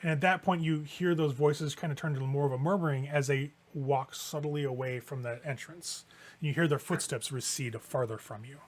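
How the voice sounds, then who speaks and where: Higher-voiced man running a tabletop game. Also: moderate pace. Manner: casual, vivid scene-setting with many fillers. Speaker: game master.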